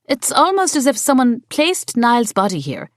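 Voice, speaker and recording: A feisty young café owner in an audiobook, defiant and quick to argue, as a woman narrator plays her. She speaks sharply over a dry, close recording. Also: fairly high pitch, wildly swooping pitch, dry recording, voice pushed up. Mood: indignant.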